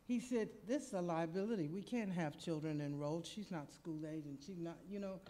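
A woman's voice: fairly low pitch, brisk. A woman preacher telling a personal story in a sermon, acting out the voices of the people in it. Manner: animated, acts out the people in her story. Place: church.

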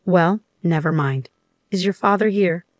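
Brief: woman narrator voicing a bossy, scornful mother in a storybook, lower voice, dry sound. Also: measured pace, no echo, lightly acted. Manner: scornful, demanding. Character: condescending overbearing middle-aged mother.

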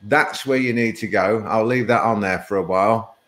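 A man's voice: lowish voice, moderate pace, a bit bright. A man hosting a live webinar, chatting and telling stories with frequent laughs. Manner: chatty, laughs often, rambling storytelling. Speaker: webinar host. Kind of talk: casual live webinar chat.

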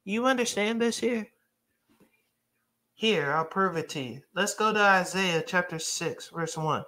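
A man's voice: high voice, measured pace, pushed and bright. A man preaching a sermon, reading scripture aloud emphatically and breaking into casual asides to his congregation.

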